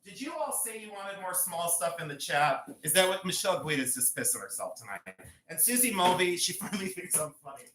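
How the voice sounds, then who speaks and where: A man hosting a live jewelry and art sale stream, talking in a chatty, excitable way with self-mocking banter from a room at home. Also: sits high, fairly quick, background noise. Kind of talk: live-stream selling chat.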